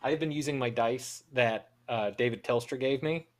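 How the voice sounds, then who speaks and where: A man's voice: medium pitch, normal speed. A man chatting casually as a player in a tabletop game.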